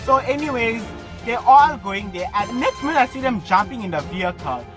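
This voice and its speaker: A young man with a South African accent, telling a story to his vlog in an animated, breathless way, full of swearing and fillers. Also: sits high, a little fast, faint music behind. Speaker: vlogger. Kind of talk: casual storytelling.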